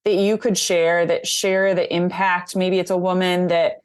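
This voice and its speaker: A woman's voice: lowish voice, level tone, unhurried, clean tone. A woman hosts a podcast interview in an encouraging tone. She asks long, rambling questions and affirms her guest. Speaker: podcast host.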